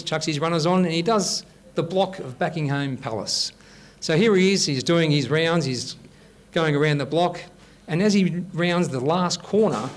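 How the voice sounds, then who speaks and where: A man hosting a comedy show in a club, chatty and telling jokes. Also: fairly high pitch. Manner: friendly, chatty, joke-telling. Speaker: host.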